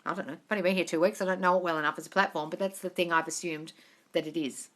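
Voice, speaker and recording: Speaking at a racing pace in a fairly low, steady voice, a young manifestation coach answers live questions, reading viewers' comments aloud. She's frank and chatty, swears freely, and calls people darling, with her phone held at arm's length as the mic.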